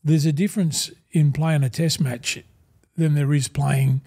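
Speaking unhurriedly in a slightly high, creaky, husky voice with a dark, steady tone, an Australian ex-rugby league front rower in his sixties guests on a casual interview. He rambles, acts out old conversations, and says "mate" to the host constantly.

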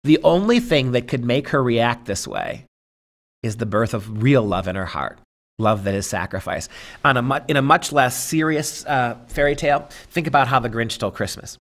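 A man's voice: medium pitch, expressive, normal speed. Emphatic preacherly male lecturer. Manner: emphatic and preacherly, swings from loud stresses to hushed reading. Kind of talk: lecture with read-aloud passages.

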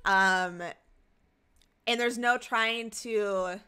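Woman on a podcast, bright tense voice, thinking out loud, casual. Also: a little high, fairly even intonation, drawn-out words, clean tone. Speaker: podcast co-host. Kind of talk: casual chat.

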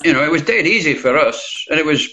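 A man's voice: fairly high pitch, animated, quick pace, bright, forceful tone, soft background music, poor audio. An older Scottish man, a DJ guest in a casual interview, talking bluntly and swearing freely. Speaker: guest, DJ and record collector.

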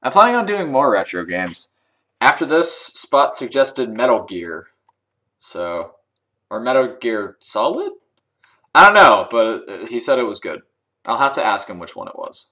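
A man's voice: medium pitch, sing-song, unhurried, pushed and bright, poor audio. A young man hosting a video game playthrough, reading the game's dialogue aloud in silly voices and joking between lines. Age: young adult. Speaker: let's play host. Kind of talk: let's play commentary with dialogue read in voices. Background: game music.

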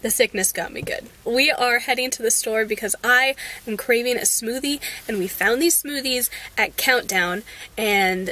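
A woman vlogging on a handheld camera, chatty and laughing often, her voice hoarse from a cold. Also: a little high, moderate pace, bright, forceful tone, rough recording. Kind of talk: casual travel vlog.

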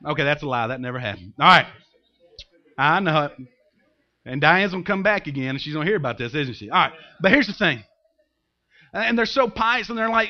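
A man preaching a sermon as pastor, in a lively, conversational way with humor and acted-out asides, recorded in a church. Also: sits high, fairly quick, lo-fi sound.

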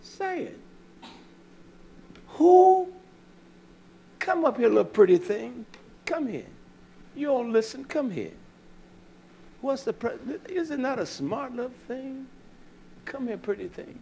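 A man preaching a combative, fiery sermon who swears freely, repeats lines for emphasis, often breaks into shouts, and fills pauses with "uh". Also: extremely high pitch, sing-song, vocal fry, slight background noise. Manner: often shouts, with many "uh" fillers.

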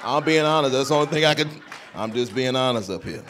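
A man with a Southern American accent from North Carolina, performing stand-up comedy with animated storytelling, laughing and breaking into shouts. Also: mid-range voice, fast, a faint crowd, slight background noise. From North Carolina, USA.

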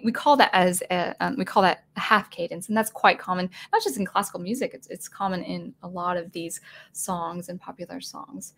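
A woman teaching music composition in a casual video lesson, thinking aloud with many fillers and restarts, her throat getting dry. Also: fairly low pitch. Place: at home with a digital keyboard.

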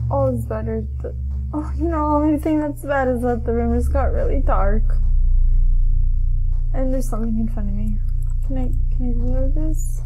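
A woman's voice: fairly high pitch, moderate pace, over music, poor audio. A woman hosting a let's play of a horror game, talking to herself in a jumpy, nervous way and crying out often. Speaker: gaming channel host.

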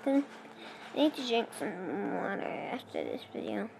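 With huge pitch swings in a mid-range, gravelly woman's voice, a young girl unhurriedly chats to viewers during a block-building game. Her casual commentary rambles into self-talk with non-native phrasing, over background noise.

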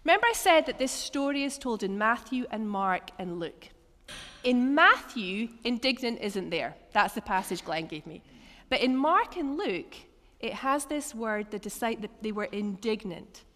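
A woman preacher leading an interactive church teaching session, telling Bible stories with animated asides and acted-out lines. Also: fairly high pitch, unhurried. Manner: lively, animated storytelling with acted quotes and laughs. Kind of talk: interactive sermon with table activities. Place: church hall. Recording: long church hall reverb.

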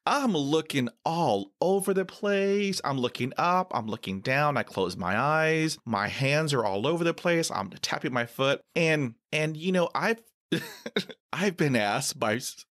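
A man hosts a podcast interview, speaking slowly and animatedly with a stutter full of blocks and repeated sounds. He laughs easily and often, his pitch jumping whenever he does.

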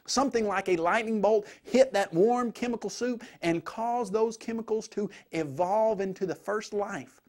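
A man's voice: sits high, normal speed, few pauses, a little mellow, close to an everyday voice. A man voicing an eager schoolgirl who rattles off a memorized lesson.

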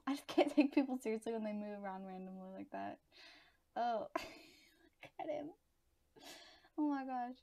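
A woman's voice: fairly high pitch, normal speed, pauses often, warm tone. Giggly young woman narrating her gameplay. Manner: giggly, exclaims often, talks to herself. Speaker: gaming channel host. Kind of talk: casual gameplay commentary.

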